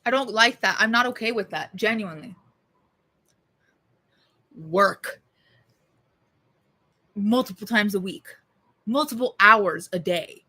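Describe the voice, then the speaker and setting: A woman's voice: medium pitch, slow, long pauses, bright, forceful tone. A young woman vlogger talking casually to her camera, rambling, swearing and mocking herself.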